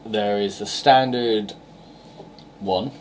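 A man's voice: fairly low pitch, steady tone, slow pace, a little hiss or hum. Rambling young man hosting a game podcast. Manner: rambling, many fillers and restarts. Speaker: podcast co-host reviewing games. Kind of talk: casual podcast chat.

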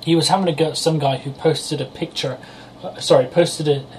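A man's voice: a little high, steady tone, brisk, a little hiss or hum, rough recording. A man, co-hosting a casual podcast chat, rambling and joking, swearing freely. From Europe. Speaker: podcast co-host.

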